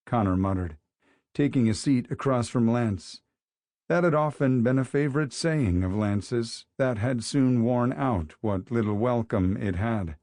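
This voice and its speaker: A man in the middle of his range narrates a thriller audiobook with steady, even storytelling. The studio sound is close and dry, with no room around the voice. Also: mid-range voice, unhurried, no echo. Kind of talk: scripted narration.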